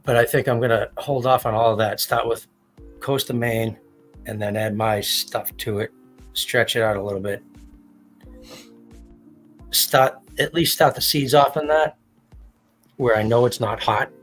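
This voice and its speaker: A man hosting a livestream in loose, rambling chat, swearing freely and putting on little voices for the people he quotes. His voice sits at an ordinary pitch, with faint music playing in the background. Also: measured pace, pauses often, a bit bright. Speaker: livestream host. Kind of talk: casual chat.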